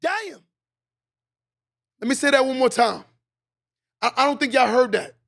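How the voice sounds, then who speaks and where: Man, very high pitch, gravelly, emphatic motivational monologue. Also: fairly quick, fairly bright tone. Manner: preachy, emphatic, repeats lines for effect. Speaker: podcast host.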